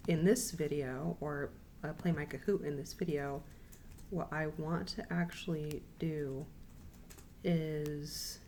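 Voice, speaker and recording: A young woman giving a recorded class presentation, reading out quiz questions and options in a measured way, repeating them, with frequent ums. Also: low voice, darkish tone, slight background noise. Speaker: counseling student presenting.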